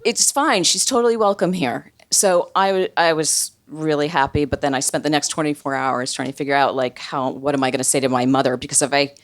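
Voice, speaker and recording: A woman's voice: a bass voice, steady tone, brisk, hardly any pauses. A woman telling a personal story live on stage, wry and conversational, with many casual fillers.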